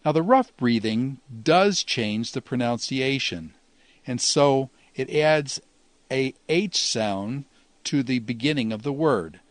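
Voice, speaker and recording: A man teaching a Greek grammar lesson in a measured, explanatory way, slowing down to pronounce each Greek word. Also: mid-range voice, lively intonation, no echo.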